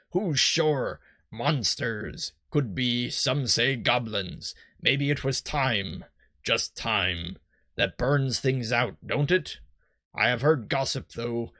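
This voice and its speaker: A man voicing a gruff, weathered male harbor captain in a rough pirate-style put-on voice, reading game dialogue aloud. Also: medium pitch, pushed and bright, dry recording, clean studio sound.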